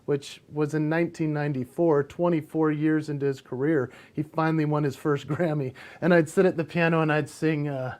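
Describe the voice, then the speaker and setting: A man's voice: a little high, moderate pace. A male impressionist as an interview guest, telling stories animatedly in a casual chat. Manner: animated storyteller, bursts into sung bits.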